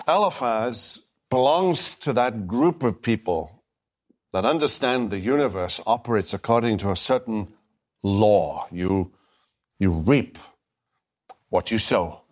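A man giving a recorded Bible lecture, speaking deliberately and emphatically, slowing down to stress key phrases. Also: on the low side, animated. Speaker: Bible teacher.

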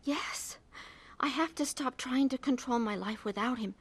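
A woman's voice: high-pitched, normal speed, slightly rough, no echo. An actress playing a troubled middle-aged woman who narrates her own story in a radio drama, earnest and emotional. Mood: tearful.

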